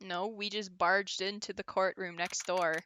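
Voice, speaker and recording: A woman's voice: mid-range voice, level tone, a little slow, sharp tone, slight background noise. A woman streamer chatting casually while playing a game, giggly and swearing now and then.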